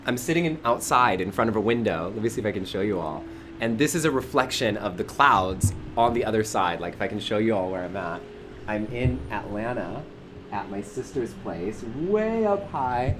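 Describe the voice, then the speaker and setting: Speaking at a moderate pace with a fairly low pitch and lively intonation, a Bay Area man streams a spiritual welcome and teaching outdoors. He stands before a high-up window, warmly greeting viewers by name as faint outdoor noise carries in the background.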